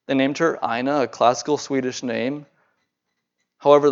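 Earnest preacher telling a sermon story. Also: male voice, medium pitch, muffled recording. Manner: earnest, with halting repetitions when speaking freely.

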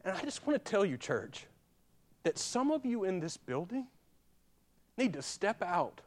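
Man, 30s, pastor, sermon, lively emphatic delivery. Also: high voice, a little slow. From Alabama. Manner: swings from hushed confession to loud emphatic preaching.

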